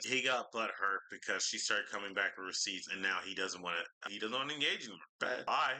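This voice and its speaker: A man's voice: fairly low pitch, fast talker, hardly any pauses, pushed and bright. A man ranting through a reaction commentary, exasperated and swearing heavily as he picks apart what he reads. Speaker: reaction streamer.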